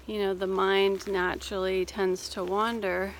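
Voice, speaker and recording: Woman coach, casual walking vlog, unhurried and soothing, slight fry, phone mic outdoors. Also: mid-range voice, level tone, slight background noise. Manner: gentle, reassuring, unhurried. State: a little out of breath. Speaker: life coach and therapist. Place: outdoors on a cold hill walk.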